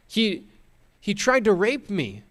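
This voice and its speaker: A man's voice: high voice, huge pitch swings, slow, fairly bright tone, voice pushed up, full character voice. A scheming woman cries out that she has been wronged, as a preacher puts her on with a raised voice. The voice sits well above a man's usual range and leans into an aggrieved, pleading tone. It is a sermon retelling, not a full drama. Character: scheming adult woman, falsely accusing.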